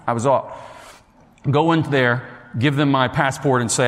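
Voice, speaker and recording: A man's voice: medium pitch, fairly even intonation, a little fast, fairly bright tone. A man telling a personal story to an audience in a chatty way, talking straight to the listeners and acting out what people said. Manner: chatty, addresses the listeners directly, acts out quotes. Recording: long hall reverb.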